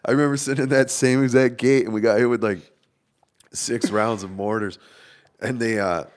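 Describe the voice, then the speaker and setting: A man's voice: mid-range voice, normal speed. A man, an army veteran, telling war stories in a casual, laughing chat. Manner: laughing, animated storytelling.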